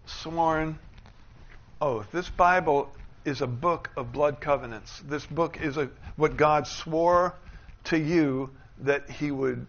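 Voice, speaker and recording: Bright-voiced preaching man, lo-fi. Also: a little high. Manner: preaching, with rising, emphatic declarations and quick asides. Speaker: pastor. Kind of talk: sermon.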